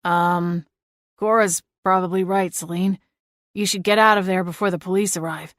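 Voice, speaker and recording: A woman's voice: lowish voice, steady tone, normal speed, a bit bright, no room sound, clean studio sound, lightly acted. A woman doing a stunned, hesitant man. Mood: shaken. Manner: hesitant, subdued.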